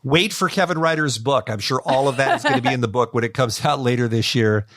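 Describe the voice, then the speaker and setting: A middle-aged American man chatting easily as an interview guest, self-deprecating and relaxed. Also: mid-range voice, fast, dry recording, clean studio sound. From United States. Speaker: podcast guest, radio host. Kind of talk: casual interview chat.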